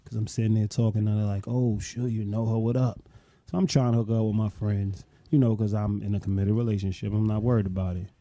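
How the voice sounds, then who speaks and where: Laid-back man in his late 30s, low dark voice, rambling "you know" storytelling, dry sound. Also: steady tone, fast talker, few pauses, no room sound. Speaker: podcast co-host. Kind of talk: casual storytelling chat.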